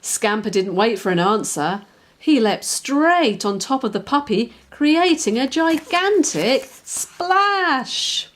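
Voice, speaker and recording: Expressive woman reading a children's story. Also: high-pitched, slow pace. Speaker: children's author reading her book. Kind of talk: storybook read-aloud.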